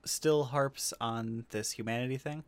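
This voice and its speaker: A man's voice: medium pitch, fairly even intonation, a little slow, clear, resonant tone. A man hosting a casual podcast, rambling and swearing freely with frequent restarts. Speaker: podcast host. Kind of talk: casual chat.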